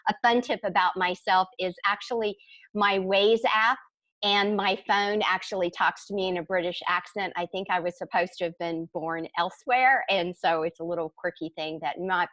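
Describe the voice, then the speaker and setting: A woman's voice: lowish voice, steady tone, moderate pace, a bit bright, no room sound, dull audio. A woman hosting an interview show, chatty and enthusiastic as she introduces her guest. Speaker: podcast host.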